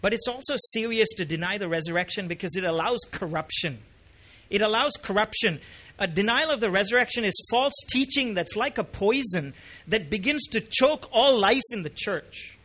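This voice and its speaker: A man's voice: high-pitched, expressive, normal speed, bright, forceful tone. A middle-aged man preaching a sermon as a pastor, talking casually and then rising to impassioned emphasis.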